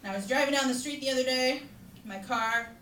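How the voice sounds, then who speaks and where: A woman's voice: high-pitched, fast talker, pushed and bright, slight background noise. A middle-aged woman doing a stand-up comedy set at a bar open mic, wry and self-mocking. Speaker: stand-up comic. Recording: echoey room, crowd laughter.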